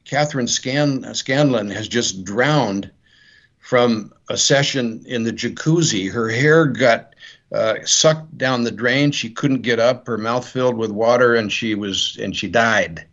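A man's voice: medium pitch, unhurried, a bit bright. A male author in an interview, retelling his novel's plot in a rambling way and acting out the characters' lines. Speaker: author guest. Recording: dull lo-fi sound.

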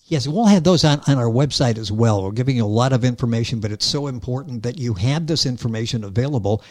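A man's voice: mid-range voice, expressive, quick pace, darkish tone. A man hosting an interview, speaking enthusiastically with hesitant restarts. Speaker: host.

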